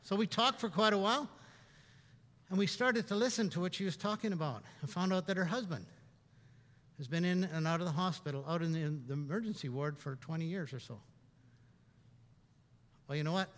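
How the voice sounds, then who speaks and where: A man's voice: high voice, fairly quick, long pauses, a bit bright, long reverb tail. A middle-aged man from Canada, a pastor preaching a conversational sermon in a church, often repeating words and rising for emphasis. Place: church sanctuary.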